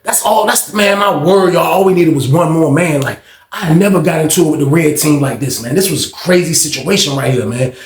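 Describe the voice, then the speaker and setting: Fast-talking New man telling a story. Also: a little high. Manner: animated, acts out quotes in raised voice. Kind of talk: casual storytelling. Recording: echoey room.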